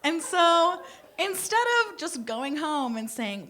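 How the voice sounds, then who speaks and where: A young woman performing a stand-up comedy set on a theater stage, animated and laughing at her own jokes. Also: sits high, takes it slowly.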